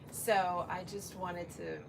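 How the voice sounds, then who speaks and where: A woman's voice: on the low side, flat delivery, takes it slowly, gravelly. A woman giving a short, earnest tribute at a memorial gathering. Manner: earnest and grateful. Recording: distant mic with loud background noise and traffic.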